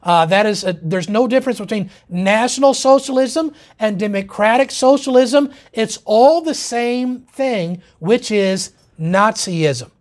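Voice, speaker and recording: A man's voice: high voice, a little slow, hardly any pauses. A man presenting a political lecture in an emphatic, insistent way.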